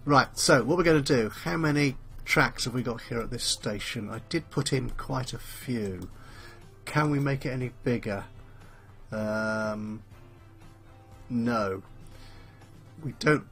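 A man's voice: mid-range voice, creaky, a bit bright. A man hosting a let's play, thinking aloud with plenty of fillers in a chatty, self-mocking way. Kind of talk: casual game commentary. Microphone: headphones with a desk mic.

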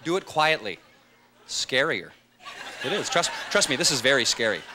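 A man's voice: medium pitch, very animated, normal speed. A man doing a self-mocking stand-up comedy set, slipping into short character voices, recorded live on a club stage. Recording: live club recording with loud crowd and noise. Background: audience laughter and room noise.

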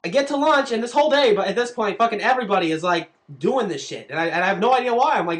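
A man answering fan questions on his vlog, telling stories in a casual, profane and animated way. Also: high-pitched, fast talker, few pauses. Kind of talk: casual storytelling.

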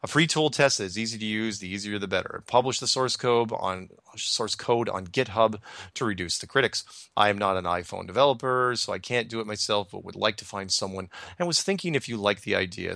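A man's voice: on the low side, gravelly, pushed and bright, no room sound, studio quality. A man hosting a call-in radio show, talking casually and rambling as he corrects himself and reads listener emails aloud.

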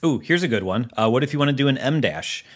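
A man's voice: medium pitch, lively intonation, fast talker. A man hosting a casual tech tutorial, chatting through keyboard shortcuts step by step with frequent fillers. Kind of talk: casual screen-recorded tutorial.

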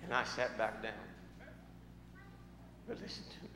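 A male pastor telling a story in a sermon, dramatic and swinging between hushed and loud, recorded in a church sanctuary. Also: mid-range voice, sing-song, a little slow. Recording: echoey church hall with faint noise.

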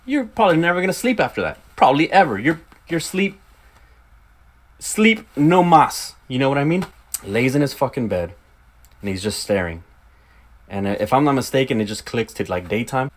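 Young guy ranting about a horror movie, swears a ton, jumps into little character voices, super animated. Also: medium pitch, brisk. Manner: animated, profane, loose storytelling with acted quotes. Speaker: movie reviewer. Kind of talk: casual movie review rant.

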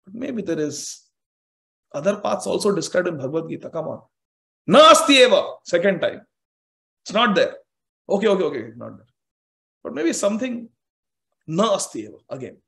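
A man with a fairly high voice teaching from scripture in an online class. He speaks emphatically and repeats phrases three times to drive a point home. Now and then he chants Sanskrit verses. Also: sing-song, brisk, gravelly, pauses often.

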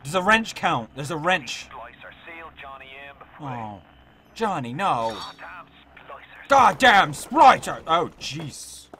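A young man doing let's-play commentary, excitable and swearing, shouting at the game. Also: fairly high pitch, slow pace, long pauses. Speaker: gaming YouTuber. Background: game sound and music.

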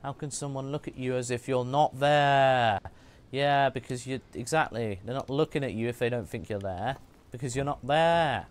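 A man's voice: medium pitch, normal speed, smooth. A man streaming a game, chatting and joking and muttering asides to himself as he plays. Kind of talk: casual gaming commentary.

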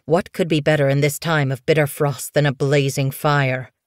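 Raspy old tomcat seer, voiced by a woman. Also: deep voice, fairly even intonation, no echo, clean studio sound, lightly acted. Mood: ominous. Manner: slow, ominous, commanding. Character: gruff old male medicine cat, cryptic.

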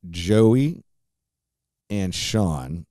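Middle-aged man, podcast host, very low voice, dark and mellow tone, swearing, rambling anecdote. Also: expressive, very slow, no room sound, studio quality. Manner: profane, rambling, heavy on fillers and restarts. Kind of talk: casual storytelling.

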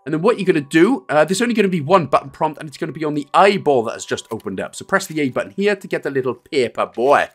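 A man's voice: fairly high pitch, very animated, racing, hardly any pauses, soft background music. A man with a Welsh accent hosting a game walkthrough, giving step-by-step instructions with chatty, self-mocking asides. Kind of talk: joking gameplay walkthrough commentary.

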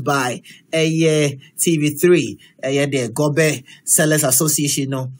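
Husky Ghanaian man reading comments. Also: a little high, steady tone, measured pace. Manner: mixes English and Twi, laughs and reacts loudly. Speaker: host reading social media comments. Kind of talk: casual news and comment chat.

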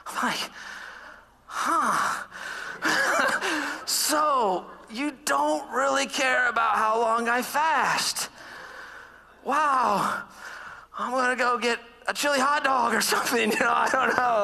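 A man in his thirties preaches in a church, telling stories about himself with an easy, self-deprecating humor and frequent laughter. His voice sits high for a man and sounds bright and forward. A long reverb from the hall trails after his words. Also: creaky. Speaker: pastor. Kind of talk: sermon.

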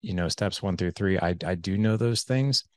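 A man's voice: sits low, moderate pace, dry recording, clean studio sound. A man in his forties hosting an interview, talking earnestly and reflectively, sometimes searching for his words. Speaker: podcast host. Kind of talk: conversational interview.

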